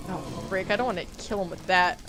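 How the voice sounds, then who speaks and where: A woman's voice: mid-range voice, quick pace, music in the background. A young woman streaming a game live, talking to her chat, easily startled and swearing when things go wrong. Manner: jumpy, swearing, talks to chat.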